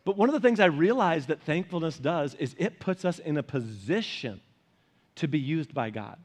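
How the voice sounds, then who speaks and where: High-voiced man preaching casually. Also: expressive, normal speed, a little mellow. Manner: conversational, repeats and restarts words. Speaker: pastor. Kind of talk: sermon.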